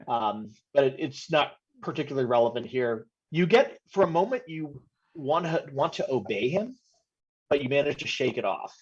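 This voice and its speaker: A man narrating a tabletop game as game master, hesitant, with many pauses and ums while describing scenes. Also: mid-range voice, big pitch swings, breathy edge. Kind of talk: narrating a tabletop game over video call. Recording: dull lo-fi audio.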